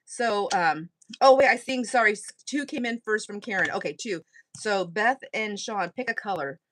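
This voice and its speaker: A woman's voice: mid-range voice, lively intonation, moderate pace, a bit bright, a little hiss or hum. A woman hosting a craft live stream, chatting casually and rambling with frequent laughter. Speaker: craft channel host.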